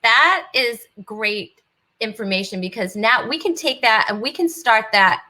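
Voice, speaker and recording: A woman's voice: on the high side, expressive, measured pace, bright, forceful tone, low-quality recording. A woman from New England hosting a casual online talk show, chatty, with frequent laughs and fillers over a video call. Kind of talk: casual chat.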